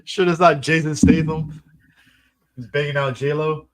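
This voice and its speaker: A man co-hosting a podcast, with a voice pitched a bit high. He talks casually and quickly, breaking into loud exclamations and laughter. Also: fairly even intonation. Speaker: podcast co-host. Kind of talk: casual chat.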